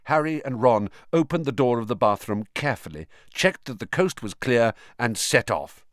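Brief: expressive male audiobook narrator, low and animated, dry booth sound. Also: normal speed, no room sound. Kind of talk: scripted narration.

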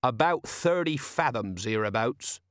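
A man's voice: medium pitch, animated, unhurried, a bit bright, no room sound, clean studio sound. A man voicing a sly, cheeky sea captain who drawls in working-class speech, for a storybook reading.

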